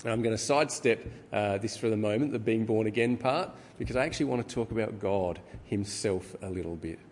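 A man's voice: lowish voice, darkish tone, slight background noise. Man preaching in a reverberant hall. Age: middle-aged. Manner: measured teaching tone with filler ums. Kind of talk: sermon. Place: church hall. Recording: reverberant hall with faint ambience.

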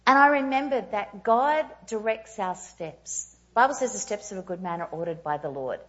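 A woman in her thirties preaching a storytelling sermon, animated and self-mocking with quick asides. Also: medium pitch, highs cut off. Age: 30s.

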